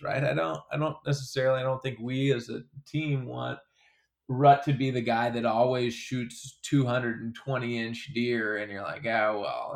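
A man's voice: medium pitch, vocal fry. A man as an interview guest, talking in a casual, rambling way with frequent restarts. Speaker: interview guest, creator of a comedy hunting character.

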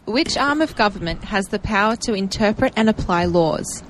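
A woman radio co-host with an Australian accent, reading quiz questions in a brisk, teasing manner. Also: mid-range voice, lively intonation, slight background noise, rough recording. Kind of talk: playful radio banter. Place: radio studio.

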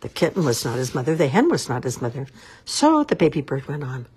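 A woman reading a children's story aloud in an expressive, sing-song storybook manner. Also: extremely low pitch, fairly quick, breathy edge.

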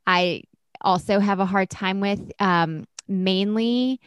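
A young woman co-hosting a casual chat podcast, animated, swearing freely and acting out mocking quotes. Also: mid-range voice, slow, clear, resonant tone, dry recording. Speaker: podcast co-host.

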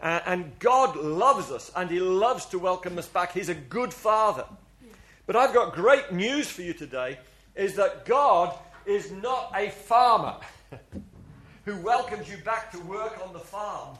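This man's high, bright voice is animated and forceful, though he speaks slowly as he preaches to a church congregation. He is earnest and confessional, restarts his phrasing often, and leads everyone in call-and-response.

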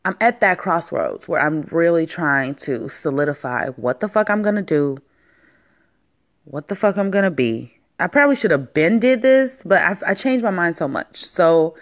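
A woman in her late twenties hosting a casual solo podcast from her home basement, talking candidly and playfully with lots of swearing and hushed asides. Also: lowish voice, expressive, moderate pace. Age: 20s. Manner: candid, profane, playful, swings between loud and hushed asides. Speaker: podcast host.

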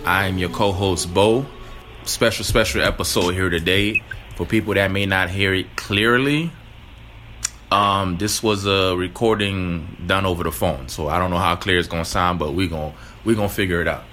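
A man co-hosting a casual podcast interview, talking in a relaxed, candid and chatty way. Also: sits low, normal speed, music in the background. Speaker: podcast co-host.

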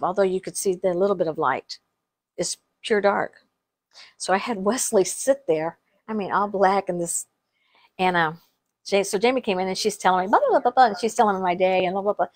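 A middle-aged woman co-hosts a casual podcast chat, sharing family stories, laughing often and restarting her sentences. Her voice is mid-range and she speaks at a moderate pace.

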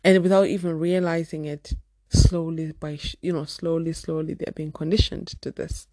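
A woman with a Zimbabwean accent speaks to camera in an earnest, emphatic way and often says her main point twice. Her voice sits fairly low for a woman. The sound is close and dry, with no room echo. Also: flat delivery, normal speed, warm tone. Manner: earnest and emphatic, repeats key phrases. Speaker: parenting vlogger. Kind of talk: candid personal talk to camera.

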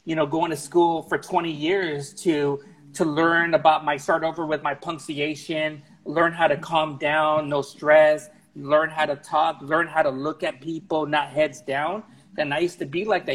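A man speaking as a podcast guest in a casual talk, earnest and frank, with a slightly husky voice. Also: on the high side, level tone, moderate pace, fairly bright tone, poor audio. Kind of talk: casual conversation.

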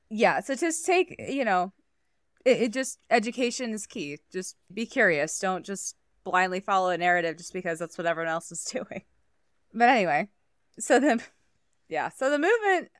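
Woman, podcast co-host, giggly, rambling, swearing, smooth voice, dry close mic. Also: medium pitch, no room sound. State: high on cannabis. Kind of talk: casual podcast chat.

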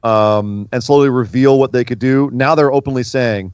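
A man's voice: medium pitch, moderate pace, few pauses, a little mellow, smooth, dry recording, lo-fi sound. A man co-hosting a casual wrestling talk show, chatty and prone to repeating words as he starts a thought. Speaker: podcast co-host.

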